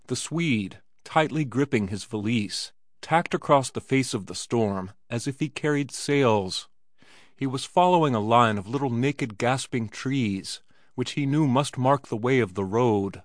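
A man reading a classic story as an audiobook narrator, measured and even. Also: mid-range voice, no room sound, clean studio sound. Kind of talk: scripted narration.

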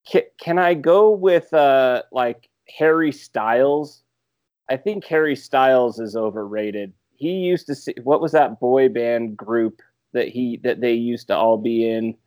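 A man's voice: mid-range voice, unhurried, darkish tone. A man co-hosting a podcast in casual chat, rambling and hesitating with frequent "uh"s. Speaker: podcast co-host.

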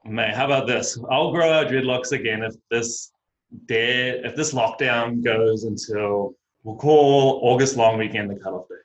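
A man's voice: mid-range voice, unhurried. Chatty New Zealand man, lo-fi. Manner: chatty storyteller, relaxed and self-mocking. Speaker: guest, baseball pitcher and teacher. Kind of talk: casual podcast chat. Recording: dull lo-fi audio.

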